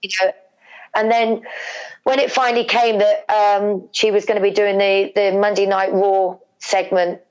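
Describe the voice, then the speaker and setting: A middle-aged woman with a British accent, a guest telling an emotional family story with animated repetition for emphasis. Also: medium pitch, measured pace. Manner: animated, repeats words for emphasis. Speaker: guest, wrestler's mother. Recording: slightly dull lo-fi recording.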